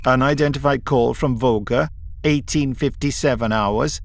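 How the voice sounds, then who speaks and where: A man's voice: mid-range voice, moderate pace, gravelly, a little hiss or hum, close to an everyday voice. A man voicing a sleepy but stubborn male communications technician, raised and insistent. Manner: insistent, dogged.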